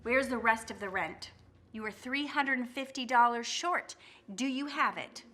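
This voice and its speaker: A woman's voice: on the high side, moderate pace, bright, forceful tone. An actress playing a curt, dismissive landlady in a scripted drama.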